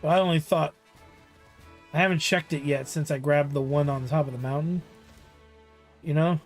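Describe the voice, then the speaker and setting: A young man talks through a game on a live stream, playful and quick with a joke. His voice sits a little high for a man. Faint game music plays under him. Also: steady tone. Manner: joking, playful, slips into silly bits. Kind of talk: casual live-stream chat.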